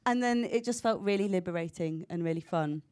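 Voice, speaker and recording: Lower-voiced woman telling stories. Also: fairly quick, darkish tone, clear, resonant tone. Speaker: actor. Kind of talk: panel chat.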